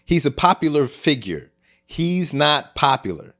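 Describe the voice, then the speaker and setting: A man's voice: on the high side, very animated, measured pace, a bit bright. A man co-hosting a casual podcast as a comedian, talking loosely with joking asides and slangy phrasing. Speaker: co-host, comedian.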